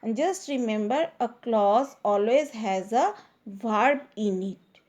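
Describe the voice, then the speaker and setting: A woman teacher giving a grammar lesson, speaking deliberately and stressing the key words as if dictating to students. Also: fairly high pitch, animated, darkish tone.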